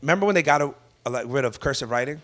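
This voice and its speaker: A man's voice: medium pitch, lively intonation, racing, fairly bright tone. A man, a stand-up comedian, talking shop in a loose, rambling chat with casual swearing.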